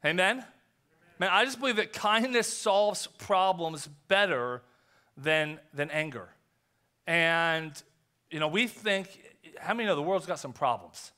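A male pastor giving a conversational sermon, telling a story with quick acted asides. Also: fairly high pitch, sharp tone. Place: church sanctuary.

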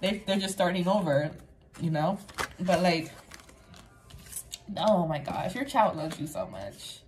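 A woman's voice: mid-range voice, very animated, unhurried, pauses often, slight background noise. A woman giving a casual pick-a-card tarot reading, talking straight to the viewer in a rambling, earnest way, filling her sentences with "like.". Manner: rambling, chatty, fills speech with "like"; earnest, affirming, addresses viewer directly. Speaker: tarot reader.

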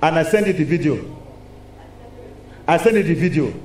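A man with a Nigerian accent preaching a lively sermon in a church, asking the congregation rhetorical questions. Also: fairly high pitch, normal speed. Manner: animated, call-and-response preaching with rhetorical questions. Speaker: pastor. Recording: echoey hall with faint noise.

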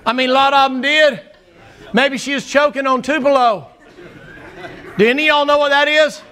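High-voiced preacher telling folksy tales. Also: male voice, fairly even intonation, normal speed, bright, forceful tone, a faint crowd. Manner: folksy storytelling with humor. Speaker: pastor. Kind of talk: sermon. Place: church sanctuary before a congregation. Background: congregation answering amen.

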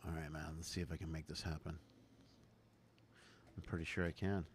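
A man's voice: extremely low pitch, flat delivery, fairly quick, slightly rough, no echo. A male host in casual chat, mumbling to himself as he sets up a clip.

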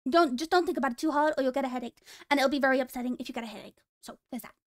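A woman's voice: sits high, very fast, dry recording, studio quality. A young woman streamer chatting casually with her viewers in a playful, teasing way, laughing often.

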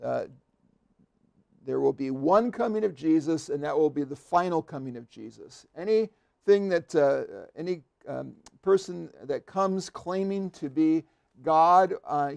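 A slow, deliberate man explains a scripture passage as a seminary professor would. His voice sits a little high and has a gravelly edge. He halts often with fillers and restarts, then leans hard on key words. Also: a little mellow. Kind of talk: slow unscripted Bible commentary. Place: podcast studio.

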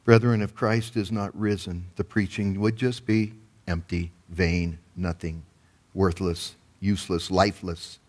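A man preaching as pastor, retelling a parable with lively acted-out voices. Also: low voice, unhurried. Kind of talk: sermon.

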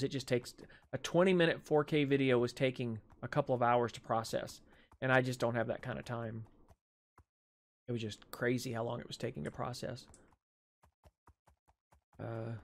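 A man casually commenting as he plays a video game, chatting to himself and to the animals on screen, with a sore jaw from dental work. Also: mid-range voice. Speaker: gaming channel host. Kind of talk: casual let's play commentary.

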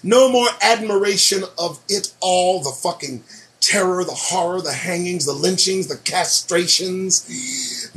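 A man's voice: sits high, a bit bright. A man hosting his own show, reading news headlines aloud and reacting to them with profane, sarcastic commentary. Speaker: show host.

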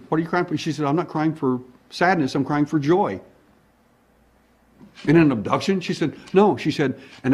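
Husky-voiced male investigator recounting a case with lively, acted-out dialogue. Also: lowish voice. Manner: animated, acts out dialogue. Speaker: alien abduction investigator. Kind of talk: storytelling monologue.

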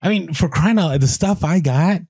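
A man co-hosting a podcast, telling an animated story with quoted voices and many restarts. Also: on the high side, normal speed, breathy edge, no room sound. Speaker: podcast co-host.

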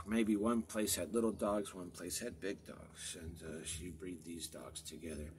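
A man with a lowish voice rambles through old maps in an unscripted way, stopping and restarting his thoughts. His sentences often fade into quiet mumbles. A faint hiss sits under the recording. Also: fairly even intonation, a little slow. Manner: meandering, many fillers and restarts, trails off quietly. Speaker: vlogger. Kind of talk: rambling off-the-cuff commentary over old maps.

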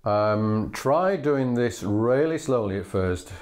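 A man's voice: lowish voice, animated, slow, soft background music. A man teaching fiddle bowing in a patient, methodical way, singing the rhythms aloud between spoken steps. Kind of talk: instructional demonstration. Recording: loud fiddle playing between phrases.

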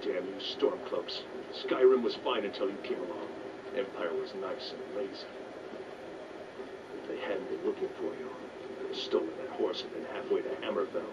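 An actor playing a whiny, scared young horse thief in a video game, pleading and jittery. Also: male voice, sits low, moderate pace, natural voice. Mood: bitter. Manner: jittery, pleading, rising into yelps. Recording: lo-fi game audio with loud hiss.

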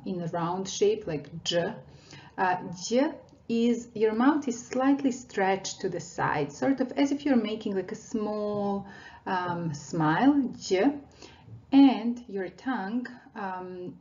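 A woman teaching a language lesson, patiently explaining mouth positions and demonstrating sounds slowly. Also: medium pitch, a little mellow, lo-fi sound, a little hiss or hum.

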